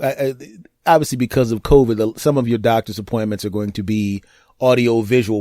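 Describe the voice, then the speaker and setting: A man's voice: medium pitch, mellow, no echo, clean studio sound. A man hosting his own podcast, talking alone in a rambling, jokey storytelling way with frequent restarts. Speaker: podcast host. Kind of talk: casual solo podcast monologue.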